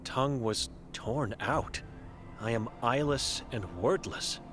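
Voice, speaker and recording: Old blind mute woman played by a man, game figure, grave, terse broken phrasing, slow delivery. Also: medium pitch, a bit bright, soft background music. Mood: grim. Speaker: game character. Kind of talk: video game voice acting.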